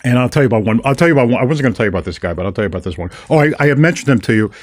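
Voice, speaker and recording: An older man hosting a podcast, chatting casually and retelling his encounters with lively storytelling. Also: mid-range voice, rapid-fire, dry recording. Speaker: podcast host. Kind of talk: casual conversation.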